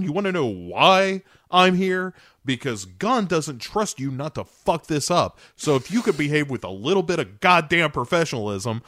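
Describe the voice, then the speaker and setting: A man's voice: on the high side, fairly bright tone, dry recording, studio quality, pitched above the performer's own voice. A man voicing an exasperated, overworked male agent and father, ranting bitterly and sarcastically.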